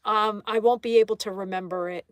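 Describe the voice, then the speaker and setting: A woman's voice: medium pitch, fairly even intonation, a little fast, clear, resonant tone, no room sound. A woman hosting a live art stream in a casual way, reading viewer comments aloud and greeting each viewer. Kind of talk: casual live-stream chat while drawing.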